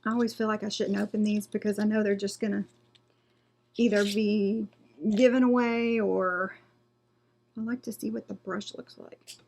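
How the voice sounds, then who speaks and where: A woman's voice: mid-range voice, level tone, normal speed, creaky, darkish tone. A woman doing a casual beauty unboxing vlog, reading product blurbs aloud and trailing off and restarting as she goes. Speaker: beauty vlogger.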